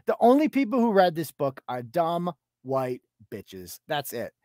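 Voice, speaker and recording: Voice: medium pitch, wildly swooping pitch, unhurried, darkish tone, no room sound, studio quality. A podcast host delivering a profane, mocking rant as commentary. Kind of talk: ranting commentary.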